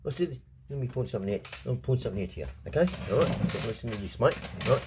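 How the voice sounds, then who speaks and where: A man's voice: medium pitch, rapid-fire, noisy background. A man with an Australian accent, ranting in a casual vlog monologue. He swears a lot, repeats himself, and keeps tagging his sentences with "right?". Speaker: vlogger.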